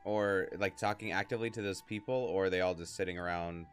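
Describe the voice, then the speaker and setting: A man's voice: sits low, fast talker, faint music behind. A man playing a tabletop game, joking casually with the group. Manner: joking, lively. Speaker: player.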